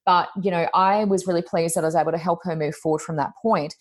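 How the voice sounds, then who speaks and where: A woman's voice: on the low side, steady tone, fast. A woman, a psychic medium, chatting in an interview with many fillers, acting out what people said. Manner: chatty, lots of "you know" fillers, acts out quotes. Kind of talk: casual interview storytelling.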